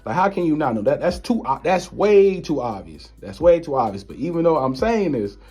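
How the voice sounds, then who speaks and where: Husky man telling a wild story. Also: fairly high pitch, normal speed. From United States. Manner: animated, incredulous retelling of an encounter. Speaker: vlogger. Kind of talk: casual storytelling.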